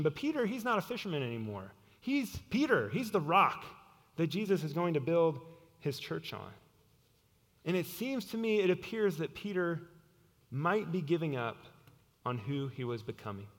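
A man preaches in a slightly high voice that sounds earnest. He often sinks to a near hush to stress a point. His words ring out with a long reverb in a large church hall. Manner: earnest, drops to hushed tones for emphasis. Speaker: pastor. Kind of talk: sermon.

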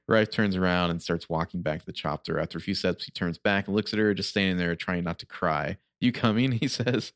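A man's voice: low-pitched, a bit bright, dry recording, clean studio sound. A man co-hosting a book podcast, reading passages aloud in casual chat and laughing often. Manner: reads quotes with loose playful voices, laughs often.

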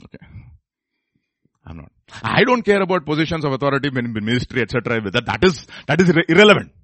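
A man preaching a sermon. He swings between loud emphatic bursts and hushed intensity, repeating phrases and putting questions to the audience. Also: fairly high pitch, very animated, quick pace, no room sound.

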